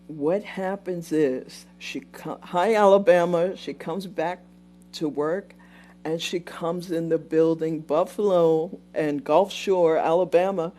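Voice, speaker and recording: A woman's voice: fairly low pitch, steady tone, slow, warm tone. A woman telling a story on a live stream, wandering off to greet viewers and then picking the thread back up. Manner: meandering, breaks off to greet viewers. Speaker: livestream host retelling visions.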